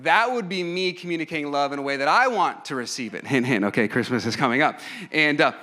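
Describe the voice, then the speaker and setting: A man's voice: fairly high pitch, lively intonation, fast talker, sharp tone. A man in his thirties preaching a sermon in an earnest, emphatic way, with frequent fillers and restarts. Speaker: pastor.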